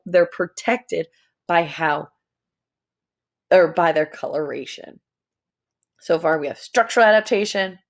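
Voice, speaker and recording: A young adult woman teaching a lesson to young students, playful and animated, stretching words out. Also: lowish voice, creaky.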